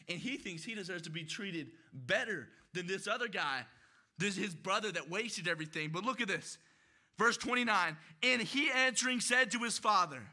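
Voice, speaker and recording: A young man preaching a sermon in a church, shouting his emphatic declarations. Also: sits high. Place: church sanctuary.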